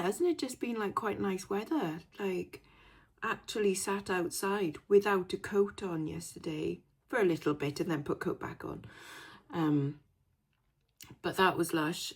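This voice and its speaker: A woman's voice: lowish voice, a little slow, slightly rough. A young woman chatting casually to camera in a rambling vlog, full of fillers and asides. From Wales. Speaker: resale vlogger.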